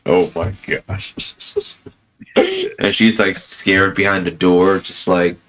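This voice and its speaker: A man casually chatting and telling stories, laughing often and filling pauses with um and you know. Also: low voice, wildly swooping pitch, a bit bright. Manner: drops fillers like um and you know. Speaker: podcast host. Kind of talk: casual chat.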